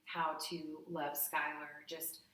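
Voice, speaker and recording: A woman with a lowish voice tells a raw, heartfelt story, animated and candid, acting out what people said to her. She sounds set back from the mic in an echoey room with faint noise behind her. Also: slow, far from the mic. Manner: candid, heartfelt, animated retelling with acted-out quotes. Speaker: guest telling a personal story. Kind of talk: emotional personal storytelling.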